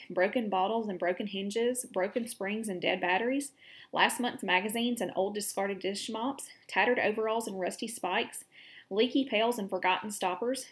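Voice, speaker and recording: A woman teacher reading a children's chapter book aloud to her class, steady and clear. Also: medium pitch.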